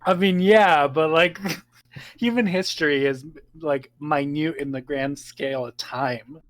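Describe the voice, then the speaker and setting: A man co-hosting a game stream, joking around in quick, playful banter. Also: fairly high pitch, dry recording. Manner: jokey, quick, laughs a lot. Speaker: co-host. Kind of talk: casual let's-play chat.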